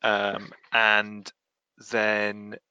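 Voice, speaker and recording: A man's voice: fairly low pitch, completely flat delivery, very slow, bright, forceful tone, clear, resonant tone, no echo, lo-fi sound. A man hosting a casual comic-book podcast, recapping the plot with quoted lines and frequent laughs. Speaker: podcast host.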